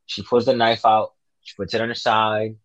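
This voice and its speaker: A man's voice: lowish voice, moderate pace, no room sound, highs cut off. A man in casual chat, animatedly retelling a horror movie, swearing a lot and acting out the characters' lines. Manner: profane, animated, acts out quotes.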